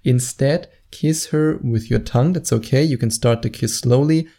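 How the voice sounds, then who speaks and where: Gravelly man coaching with confidence. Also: medium pitch, moderate pace, dark tone. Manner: confident and instructive, drawing out words for emphasis. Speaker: dating coach. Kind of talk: direct-to-camera advice monologue.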